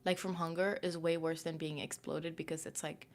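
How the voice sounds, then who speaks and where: A woman's voice: low-pitched, level tone, moderate pace. A young woman chatting casually on a livestream, reading verses aloud, self-conscious and full of "like".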